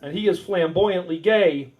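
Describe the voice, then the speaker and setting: High-voiced American man doing stand-up. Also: measured pace, phone-quality sound, background noise. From United States. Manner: crude, rambling storytelling with audience banter. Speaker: stand-up comedian. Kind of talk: stand-up comedy set. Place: warehouse comedy night. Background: audience laughter.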